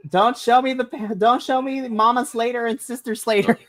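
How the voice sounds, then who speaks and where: A woman's voice: a little high, fairly even intonation, normal speed. A woman co-hosting a live wrestling watchalong podcast, laughing often and cheering at the screen. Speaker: podcast co-host.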